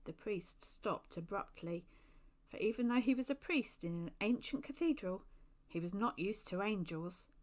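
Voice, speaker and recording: A woman reading a children's story aloud with lively expression. Her voice sits at an ordinary middle pitch, and she shifts tone as the story moves. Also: normal speed.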